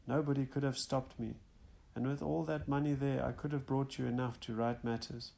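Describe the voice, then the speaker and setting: A man's voice: mid-range voice, fairly even intonation, normal speed, vocal fry, warm tone, natural voice. A man reading as a rueful spirit mother. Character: apologetic spirit mother consoling her son.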